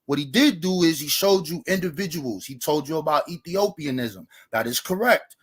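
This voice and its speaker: A man's voice: fairly high pitch, lively intonation, moderate pace, breathy edge. A man arguing his side in a debate, reading passages from books to back his points. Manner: reads quotes from books, argumentative. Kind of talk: debate argument.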